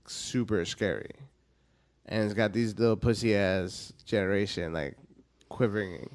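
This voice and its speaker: A man telling profane, animated stories in casual podcast chat, acting out shrill quoted voices. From South Texas. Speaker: comedian guest.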